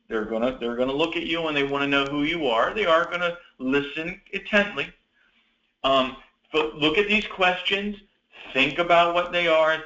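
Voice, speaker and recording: Man, meeting host, encouraging, halting restarts, bright, echoey room. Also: fairly high pitch, lo-fi sound. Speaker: meeting host for student teachers. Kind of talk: online meeting talk.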